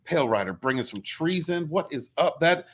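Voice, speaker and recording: A man hosting a casual livestream interview, greeting chat members by name in a jokey, excitable way. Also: a little high, normal speed. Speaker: interview show host.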